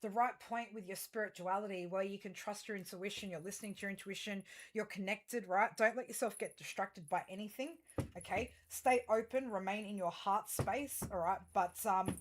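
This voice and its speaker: A woman's voice: mid-range voice, moderate pace, slight background noise. A woman giving a tarot reading to her viewers, rambling through fillers and restarts and turning blunt and emphatic, with plenty of swearing. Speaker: tarot reader.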